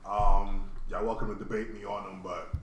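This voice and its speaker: A man from New co-hosting a podcast, talking in a laid-back, drawn-out way. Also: on the low side, flat delivery. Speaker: podcast co-host. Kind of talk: casual chat. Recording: roomy echo with faint room noise.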